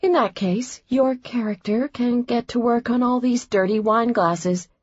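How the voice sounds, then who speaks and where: A woman's voice: a little high, unhurried, dry recording, highs cut off, voice pushed up. A woman reading the part of a witty, teasing young businesswoman in an audiobook. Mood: playful. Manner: playful, teasing.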